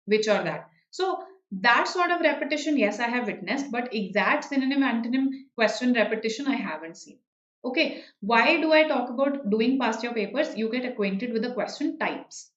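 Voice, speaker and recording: A woman with an Indian English accent teaches an online exam-prep class, answering students one by one. Her voice sits a little high, and she keeps checking in with "okay" and "right." The sound is roomy and slightly muffled.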